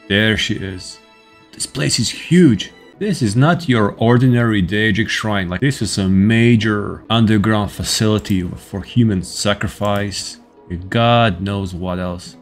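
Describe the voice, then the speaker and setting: A man giving casual commentary over his own gameplay, excitable and swearing at enemies. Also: lowish voice, takes it slowly, soft background music. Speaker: gaming video host.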